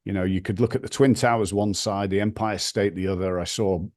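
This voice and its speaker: A man from the north of England with a northern English accent, a podcast guest telling lively anecdotes and swearing casually. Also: lowish voice, a little fast. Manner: animated anecdotes, acts out quoted voices, swears casually. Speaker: podcast guest, brand founder. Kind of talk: storytelling interview.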